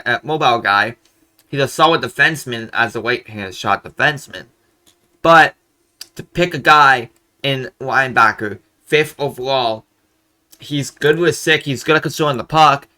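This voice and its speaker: A man's voice: fairly high pitch, pushed and bright. A young man hosting a hockey fan channel, ranting angrily and profanely about a draft pick, repeating himself. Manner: frustrated, profane, repetitive. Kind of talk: angry fan rant.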